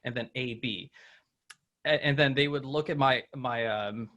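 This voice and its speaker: Bright-voiced man telling travel stories. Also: mid-range voice, a little slow. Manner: animated storytelling, acts out quoted people; many fillers and restarts. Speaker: podcast host. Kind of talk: casual conversation.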